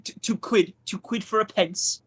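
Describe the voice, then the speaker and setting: Man doing a cheeky crude British bloke, exaggerated fake British accent, overdone slang, raised and bright. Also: sits high, fairly even intonation, moderate pace, breathy edge, voice pushed up. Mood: cheeky mock.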